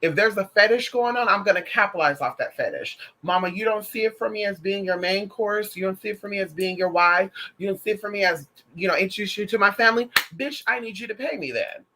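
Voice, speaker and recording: A woman's voice: mid-range voice, fast, few pauses, sharp tone, low-quality recording. A trans woman delivering a casual opinion monologue to her viewers, sassy and emphatic, with heavy profanity and pet names like honey and girl. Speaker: vlogger.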